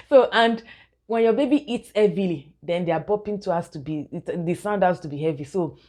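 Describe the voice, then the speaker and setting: A woman's voice: on the low side, normal speed, a little mellow. A young woman, a mother giving casual baby-care tips to her viewers and calling them guys. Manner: chatty, keeps addressing viewers as guys, laughs often. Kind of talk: casual instructional vlog.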